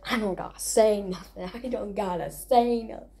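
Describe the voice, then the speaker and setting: A young woman hosting a casual countdown, excitable and rambling, recorded at home late at night. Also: mid-range voice, moderate pace, vocal fry, over loud music. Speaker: video host. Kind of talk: casual awards-style countdown.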